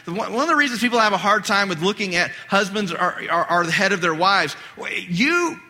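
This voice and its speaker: A male pastor giving an animated, conversational sermon, his voice getting hoarse. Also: high-pitched, a little fast. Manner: animated, conversational preaching with acted-out quotes. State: losing his voice. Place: church sanctuary. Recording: long hall reverb.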